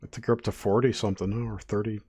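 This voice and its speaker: A man's voice: lowish voice, little pitch movement, rapid-fire, darkish tone, breathy edge. A man hosting an interview, speaking hesitantly and unsure of his own recall. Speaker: host. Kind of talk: casual interview talk.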